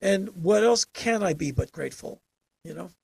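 An older man spinning stories in a relaxed interview, his voice gravelly and somewhat husky. He tells them emphatically, jumping into sudden animated bursts. The sound is close and dry, with no room around it. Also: sits high, moderate pace, dry recording. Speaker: interview guest. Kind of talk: casual storytelling interview.

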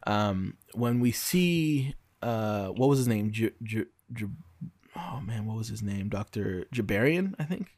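A man from Brazil casually discussing film adaptations on a podcast, often pausing to search for words. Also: fairly low pitch, lively intonation, a little mellow, no room sound. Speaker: podcast co-host.

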